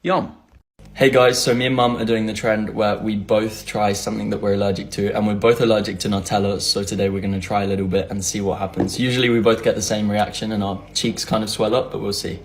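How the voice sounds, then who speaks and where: A man talking in a casual, excitable vlog style, filming himself on a phone at home and out at a farm. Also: fast talker. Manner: chatty and excitable, coos high at animals. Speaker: vlogger.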